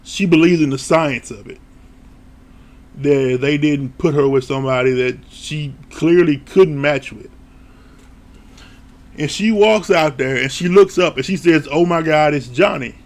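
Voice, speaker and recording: A man giving a casual recap of a TV show, animated and laughing often, with casual swearing. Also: fairly high pitch, a little slow, long pauses. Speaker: TV show reviewer.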